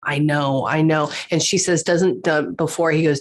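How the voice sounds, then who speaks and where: A woman with a lowish voice leads a reading as a psychic medium. She relays what spirits say in their own quoted words and gets emotional as she goes. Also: fairly even intonation, measured pace.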